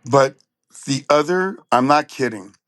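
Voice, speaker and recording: A trumpet player from Southern California, his medium-pitched voice a little slow, shares stories as an interview guest, animatedly playing out people's words. There is no echo.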